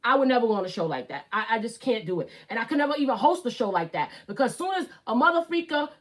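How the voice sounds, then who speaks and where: Very animated and quick, this fairly high-pitched woman hosts a relaxed YouTube live stream. In her thirties and from Brooklyn, New York, she has a Brooklyn accent and speaks bluntly, with profanity and emphatic repetition.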